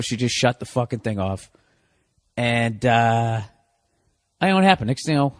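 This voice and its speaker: A man's voice: medium pitch, no room sound, clean studio sound. Brief: exasperated male podcast host ranting with heavy profanity and sarcasm. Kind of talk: comedic rant.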